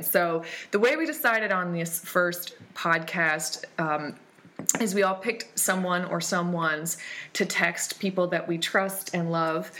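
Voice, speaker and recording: A woman's voice: fairly low pitch, fairly bright tone, slight background noise. A woman hosting a casual podcast, teasing her co-hosts and steering the conversation. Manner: bubbly, teasing, steering the talk. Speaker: podcast host. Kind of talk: casual chat.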